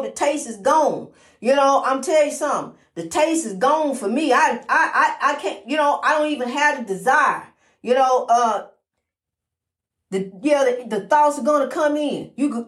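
A woman giving a daily inspirational testimony in a preacherly, repetitive, encouraging way, with many fillers. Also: high-pitched. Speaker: motivational speaker. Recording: roomy echo.

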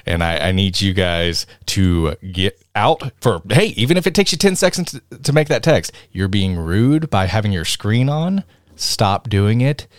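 A man's voice: fairly low pitch, lively intonation, a little slow, no room sound. A man co-hosting a podcast, talking in an emphatic, ranting casual chat. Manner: emphatic, ranting, jumps between loud and soft. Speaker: podcast co-host.

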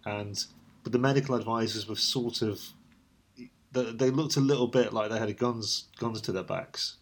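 A middle-aged man co-hosting a casual chat, talkative and quick to laugh, often trailing off into quieter asides. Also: medium pitch. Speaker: podcast co-host.

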